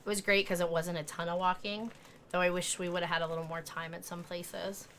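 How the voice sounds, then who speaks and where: Lively, bright-voiced American woman. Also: fairly low pitch, slight background noise. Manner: lively, laughs often, quick exclamations. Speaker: co-host of a live stream. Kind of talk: casual chat.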